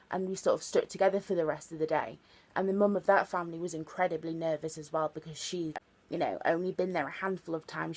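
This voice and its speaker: A woman of twenty telling a chatty, earnest story for her vlog, full of fillers and repeated words. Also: fairly low pitch. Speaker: vlogger.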